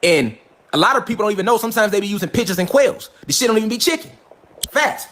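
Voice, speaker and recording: A middle-aged man lectures his online followers in a fervent, profane monologue, talking straight at them. His voice sits fairly high for a man. The room around him rings with echo. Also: animated, fast, fairly bright tone. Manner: preachy, emphatic, profane, addresses listeners as y'all. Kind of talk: fringe conspiracy monologue. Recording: echoey room.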